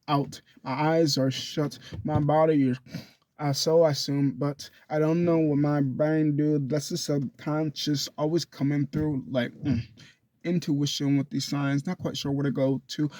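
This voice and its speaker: A man's voice: a little high, fairly even intonation, normal speed, mellow, dry recording. A young man rambling through a loose, profane self-recorded monologue into a phone. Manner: loose and profane, drifts between thoughts.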